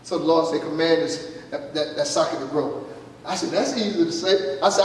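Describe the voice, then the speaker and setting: A man's voice: a little high, brisk. A man pastor telling a testimony in a sermon, acting out the dialogue and asking the congregation if they are listening. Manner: storytelling, acting out dialogue, calls out "you listening?". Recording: echoey hall from far off, faint noise.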